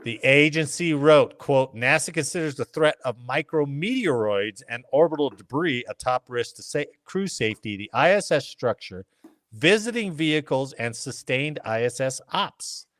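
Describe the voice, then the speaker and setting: A man hosts a podcast, reading news aloud and breaking off to joke about it. His pitch moves a lot as he talks. The sound is dry and close to the mic. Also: lively intonation, moderate pace, a bit bright, no echo. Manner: jokey, reads articles then riffs with funny voices.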